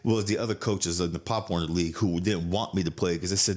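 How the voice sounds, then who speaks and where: Deep-voiced blunt man on a podcast. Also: steady tone, quick pace, hardly any pauses. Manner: blunt, profane, laughs while telling stories. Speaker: podcast host. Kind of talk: casual chat.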